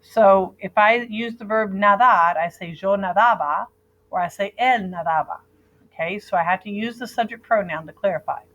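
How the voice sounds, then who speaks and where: A woman's voice: mid-range voice, moderate pace, fairly bright tone, low-quality recording. Patient woman teaching a grammar lesson. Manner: patient, drills students in call and repeat. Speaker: Spanish teacher.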